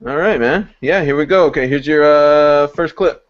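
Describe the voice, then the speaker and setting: A man's voice: a little high, moderate pace. A man hosting a podcast, joking around in casual banter. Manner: joking, loud bursts of excitement. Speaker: podcast host. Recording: dull lo-fi podcast audio.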